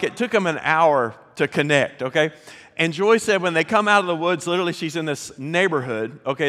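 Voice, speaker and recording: A middle-aged man with a Southern American accent, a pastor telling a folksy, animated story with laughs during a sermon. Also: fairly high pitch. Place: large church sanctuary. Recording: long hall reverb.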